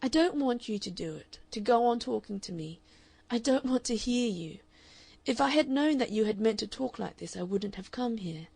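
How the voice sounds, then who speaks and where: A woman's voice: a little high, expressive, moderate pace, vocal fry, a little mellow, breathy edge, no echo, pitched above the performer's own voice, heavily acted. A woman reading the part of a flustered young woman who earnestly and politely refuses a suitor. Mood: insistent. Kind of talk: audiobook character reading.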